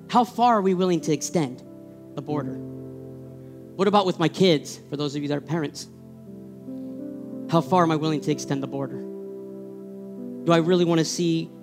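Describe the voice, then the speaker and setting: A middle-aged man preaching a sermon, energetic and fervent, often repeating his words as he builds up. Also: a little high, creaky. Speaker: pastor.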